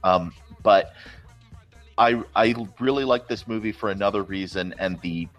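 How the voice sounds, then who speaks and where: A man with a very low voice talks movies in a relaxed, rambling co-host chat, full of enthusiastic restarts. Faint music plays behind him. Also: moderate pace, lo-fi sound.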